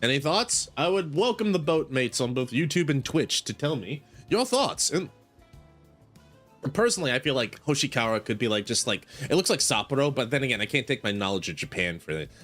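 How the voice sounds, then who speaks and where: A man's voice: mid-range voice, very animated, brisk, a bit bright, faint music behind. A man streaming a shop simulator game, chatting casually in a rambling way, full of fillers. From United States. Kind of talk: casual gaming commentary.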